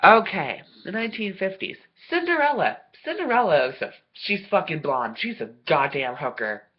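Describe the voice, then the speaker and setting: A vlogger delivering a foul-mouthed, sarcastic rant straight to camera, swearing nonstop and jumping into loud, indignant outbursts. The voice sits in a middle pitch. The recording is dull and lo-fi, with the top end muffled. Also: big pitch swings, moderate pace, a little hiss or hum. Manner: swears constantly, sarcastic, loud bursts of outrage. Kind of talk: profane comedic rant to camera.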